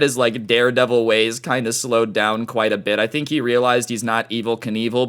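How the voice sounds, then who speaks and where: A man telling a personal story in casual slang, full of "dude" and "like", with lively swings in pitch. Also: clean tone. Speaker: storytime YouTuber.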